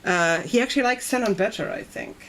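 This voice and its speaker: A woman's voice: mid-range voice, brisk, a bit bright, slight background noise. A middle-aged woman from Estonia hosting a casual livestream chat, talking in a chatty way and laughing often. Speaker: livestream host.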